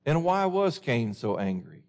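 A man's voice: mid-range voice, big pitch swings, a little slow, darkish tone. A man preaching a sermon in an earnest way, often asking his listeners questions.

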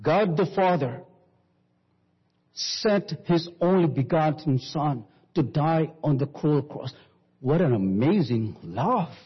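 A high-voiced man preaches slowly, his pitch rising and falling widely as he quotes scripture. His voice is slightly husky, and it rings with long reverb in a dull-sounding hall recording. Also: lively intonation. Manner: slow, sweeping preaching with Bible quotes. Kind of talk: sermon.

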